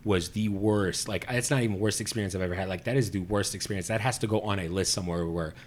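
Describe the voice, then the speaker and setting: A man's voice: lowish voice, quick pace. A man telling a story in casual chat, ranting with animation and acting out both sides of the exchange. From Puerto Rico.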